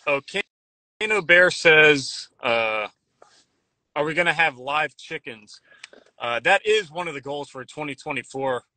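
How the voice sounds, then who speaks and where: Bright-voiced man in casual chat. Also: on the high side, expressive, no echo. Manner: rambling, halting with restarts. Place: Nashville.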